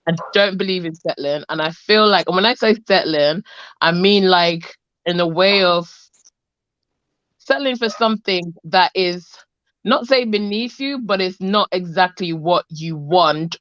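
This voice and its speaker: A woman's voice: on the low side, unhurried, a bit bright, no echo. A frank woman with a South London accent, holding forth in a casual chat. Her delivery is emphatic and full of restarts. The sound is dry and slightly muffled. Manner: emphatic, frank, laughs often, restarts sentences.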